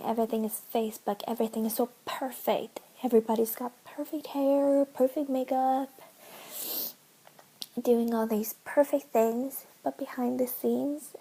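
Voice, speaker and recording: A woman in her twenties vlogging to camera in an earnest, emotional way, speaking haltingly and often dropping to a whisper. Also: fairly high pitch, creaky, mellow, husky, low-quality recording. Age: 20s. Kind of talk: personal vlog, talking to camera.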